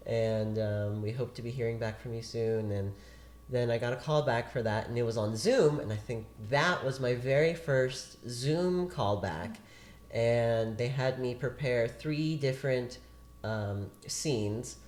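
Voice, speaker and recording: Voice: medium pitch, measured pace, a little mellow. An actor as a guest, telling a long story in a chatty, rambling way during a casual interview. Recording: roomy echo.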